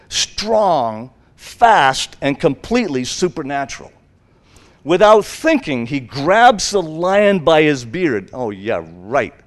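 Male preacher, slightly higher voice, loose conversational sermon with lots of fillers. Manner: rambling and conversational, many fillers, acts out quotes. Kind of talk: informal sermon retelling a Bible story.

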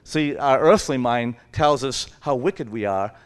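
A man's voice: mid-range voice, unhurried, clean tone. A male preacher giving a conversational Bible teaching, informal and rambling, often acting out little dialogues.

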